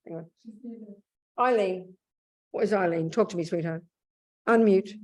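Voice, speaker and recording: Older woman buddhist teacher, blunt and animated, calls everyone darling. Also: lowish voice, measured pace. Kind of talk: dharma talk.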